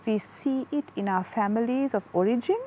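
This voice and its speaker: A Sri Lankan woman appears as a psychology guest in a studio talk show interview, explaining things earnestly through a story. Her voice is a little high and brisk, and the highs sound cut off.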